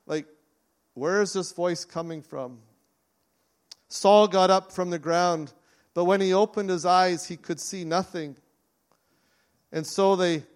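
Earnest man preaching a sermon. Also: on the high side. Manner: earnest, with frequent restarts. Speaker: pastor. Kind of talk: conversational sermon.

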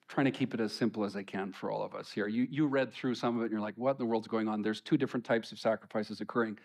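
Male pastor, high-ish voice, easy conversational sermon delivery. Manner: conversational preaching with rising emphasis on scripture.

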